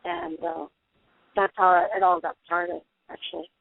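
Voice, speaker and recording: A middle-aged woman, a paranormal investigator, telling long animated stories as a guest in a radio interview. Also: lowish voice, unhurried, vocal fry, dry recording. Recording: tinny dry phone line.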